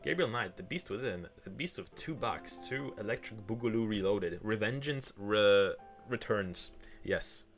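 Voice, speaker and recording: A man's voice: lowish voice, expressive, a little slow, music in the background. A male game streamer chatting casually at home, rambling with lots of fillers and restarts. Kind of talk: casual chat while gaming.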